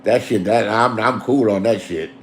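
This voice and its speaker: A middle-aged man, telling profane street stories in a loose, animated way. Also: on the low side, normal speed, a little hiss or hum. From Inglewood, Los Angeles. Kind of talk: casual storytelling.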